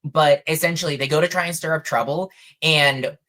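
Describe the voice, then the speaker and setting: A young man co-hosting a casual podcast, rambling through an animated retelling with lots of fillers and restarts. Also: a little high, a little fast. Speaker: podcast co-host.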